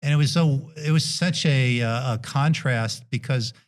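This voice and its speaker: A middle-aged man with a Brooklyn accent, a podcast guest telling a story in a relaxed, gentle way with many hesitations. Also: medium pitch, unhurried. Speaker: guest dentist and endurance athlete.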